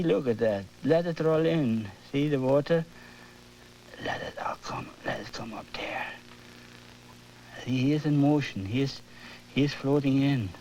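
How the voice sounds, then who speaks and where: An older man with a German accent, teaching oil painting on his TV show, animated and often asking "you see?". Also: fairly high pitch, lo-fi sound. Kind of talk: painting demonstration. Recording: worn 1980s videotape audio with hum.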